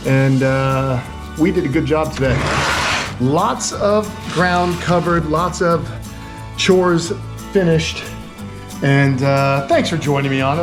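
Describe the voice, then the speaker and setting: A man hosting a casual vlog at a reptile sanctuary, talking with enthusiasm to the camera and to the animals, recorded on a camera mic indoors. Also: a little high. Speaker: vlog host at a turtle and tortoise sanctuary.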